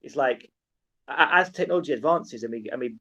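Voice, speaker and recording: A man's voice: mid-range voice, expressive, a little fast, bright, forceful tone. A man co-hosting a podcast, musing earnestly on philosophy with frequent restarts. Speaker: podcast co-host. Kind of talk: casual philosophical chat. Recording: dull lo-fi mic.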